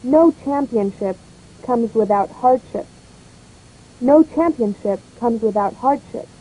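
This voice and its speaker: Husky woman reading a pronunciation drill. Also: fairly high pitch, animated, slow, warm tone, low-quality recording. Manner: clear, repeats each word and line twice. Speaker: English pronunciation teacher.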